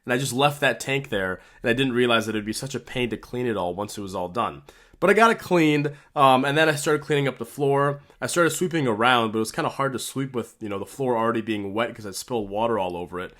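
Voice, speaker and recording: A man hosting a fishkeeping vlog, chatting casually and excitedly to his viewers with rambling asides. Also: mid-range voice, fast talker, no echo, clean studio sound. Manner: rambling with fillers. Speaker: fishkeeping channel host.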